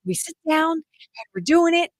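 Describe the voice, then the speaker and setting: A woman's voice: extremely high pitch, big pitch swings, moderate pace, no echo, low-quality recording. A woman homeschool coach talking straight to her listeners in an enthusiastic, chatty podcast monologue, calling them "you guys.". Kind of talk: direct-to-audience podcast monologue.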